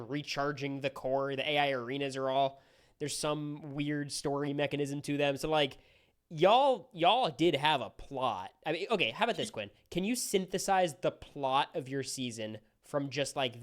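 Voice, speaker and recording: A young man hosting a casual livestream chat, giving quick, opinionated takes. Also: mid-range voice, fairly even intonation. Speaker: streamer host.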